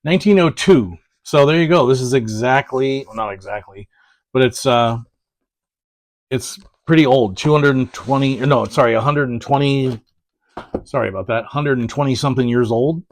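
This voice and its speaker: In a room-free recording, a man with a mid-range voice speaks at normal speed. He's a vlogger who collects prints, casually chatting as he opens packages, rambling, backtracking, and peppering his talk with fillers.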